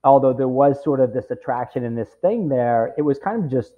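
A man's voice: mid-range voice, lively intonation, fairly quick. Rambling man in his forties, phone-like sound. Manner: rambling, packed with "you know" and "right?". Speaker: guest, camp director. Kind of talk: casual storytelling interview. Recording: tinny phone-like audio.

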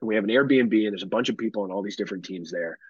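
A man's voice: lowish voice, very fast, husky, dry recording, muffled recording. A man in his thirties, a podcast co-host, telling a long story in casual profane chat full of fillers. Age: 30s.

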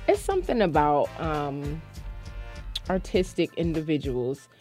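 A woman's voice: low-pitched, very animated, measured pace, warm tone, faint music behind. A woman hosting a podcast, chatting casually and asking rambling questions with giggles. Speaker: podcast host. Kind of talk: casual interview chat.

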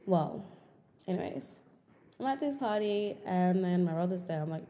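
A young woman hosting a podcast, telling a personal story in casual chat, swearing and getting animated when exasperated. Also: measured pace, in a large hall. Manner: animated, swears often, frequent pitch jumps when exasperated. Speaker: podcast host.

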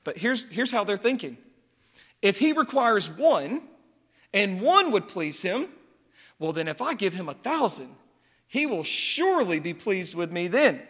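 A man preaching a sermon as pastor, lively and animated, acting out quoted pleas in a raised voice. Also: high voice, measured pace, big-room sound.

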